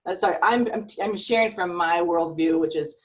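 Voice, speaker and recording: A middle-aged woman life coach speaks over a video call in an earnest, emotional pep talk full of faith. Her voice sits fairly low and sounds set back from the mic. It feels like a heartfelt talk to a team. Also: moderate pace, recorded from a distance.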